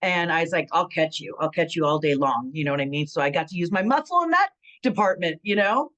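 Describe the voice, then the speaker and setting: Chatty and animated, a former pro wrestler in middle age, from San Bernardino, California, speaks quickly in a fairly low voice as a guest in a casual interview. Her storytelling acts out others' words and is packed with fillers such as "um" and "you know what I mean." The high frequencies in the audio are cut off.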